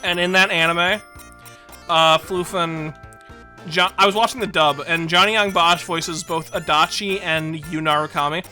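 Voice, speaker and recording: A woman's voice: fairly low pitch, fairly even intonation, normal speed, sharp tone. A woman streaming a video game, chatting casually and rambling, self-deprecating and laughing often. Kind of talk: casual gaming stream chat. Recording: game music behind.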